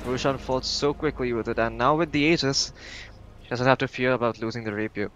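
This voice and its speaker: Male color commentator, mid pitch, dry sarcastic delivery. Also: steady tone, brisk, noisy background. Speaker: esports caster. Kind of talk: live game commentary.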